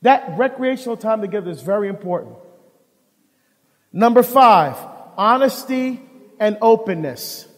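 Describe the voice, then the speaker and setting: High-voiced man telling stories in a hall. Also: measured pace, pauses often. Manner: animated storyteller who acts out dialogue. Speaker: deacon giving a talk on marriage. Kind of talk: live presentation to an audience. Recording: long hall reverb.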